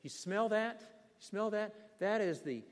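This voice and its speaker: A man's voice: high voice, expressive, slow pace, voice pushed up. A man voicing a teasing Finnish townsman mocking a newcomer about a stink, in a sermon with long hall reverb. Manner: teasing, sly.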